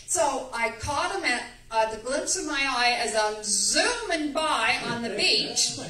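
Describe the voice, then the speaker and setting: A woman gives a rambling, emphatic testimony in a church sanctuary, telling her story with animation. Her high voice is sharp in tone and slow, picked up by a distant mic in an echoey church room.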